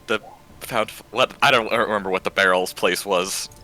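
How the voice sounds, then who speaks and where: A man's voice: fairly low pitch, a little fast, low-quality recording. A man playing at a tabletop game, chatting and joking casually. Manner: joking, animated. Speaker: player.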